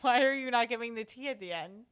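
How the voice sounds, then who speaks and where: A woman's voice: fairly high pitch, fast talker, clear, resonant tone. Giggly, chatty young woman podcaster. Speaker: podcast co-host. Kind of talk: casual chat.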